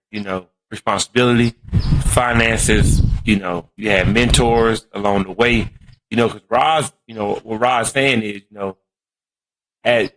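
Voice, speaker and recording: A man's voice: lowish voice, fairly bright tone, poor audio. A man hosting a podcast, casually asking his father questions in a loose, rambling way. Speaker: podcast host, the guest's son. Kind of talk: casual conversation.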